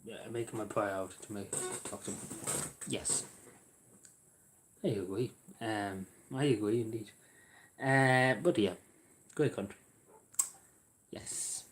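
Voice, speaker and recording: Man, somewhat low voice, rambling livestream chat, lots of ums and restarts. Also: a little slow, long pauses, slight background noise. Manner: rambling, hesitant, many fillers and restarts. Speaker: livestream host. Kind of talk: casual livestream chat with viewers. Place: at home in a squeaky chair.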